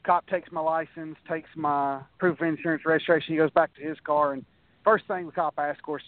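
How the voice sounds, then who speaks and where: A man's voice: a little high, fairly even intonation, brisk. A man in a casual interview, spinning long anecdotes in a slightly raised voice, stumbling over restarts and acting out other people's lines. The sound is thin and phone-like, and it is close and dry with no room echo. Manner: rambling anecdotes with many restarts and acted-out quotes. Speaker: guest, wrestler.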